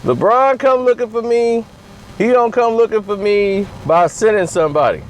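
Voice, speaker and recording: A man's voice: high voice, normal speed, a little hiss or hum, low-quality recording. A man vlogger telling a slangy comedic rant outdoors. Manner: slangy, laughing storyteller.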